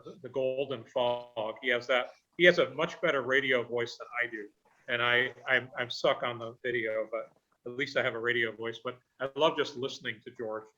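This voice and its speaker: A man walks through word usage on a video call, calm and explanatory as he corrects phrasing with simple examples. His voice is bright and forward. The call audio sounds slightly dull and lo-fi. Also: medium pitch. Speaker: grammarian at a club meeting. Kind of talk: online meeting report.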